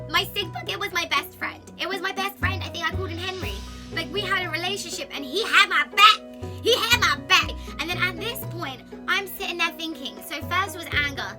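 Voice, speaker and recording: A young woman, telling a personal story to camera in a chatty, candid and expressive way, sitting on a sofa at home. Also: very high-pitched, moderate pace, over loud music. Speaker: vlogger.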